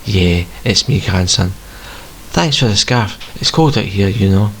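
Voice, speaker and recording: A kindly old grandfather's spirit speaking from a snowman, as a storyteller puts him on, soft and reassuring. The voice sits low and has a gravelly edge. It is told as part of a homemade spoken tale. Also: lively intonation, measured pace, slight background noise, poor audio.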